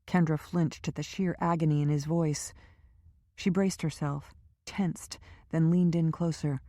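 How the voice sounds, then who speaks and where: A woman's voice: low-pitched, steady tone, normal speed, warm tone, no room sound. Woman narrating an audiobook, dry sound. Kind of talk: scripted narration.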